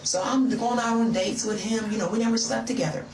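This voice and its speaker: Over a loud crowd, a woman with a slightly high voice tells a personal story in a chatty, playful way, addressing her listener directly as casual confessional storytelling. Her tone is steady and her pace a little fast, and the phone audio sounds roomy, distant, and noisy.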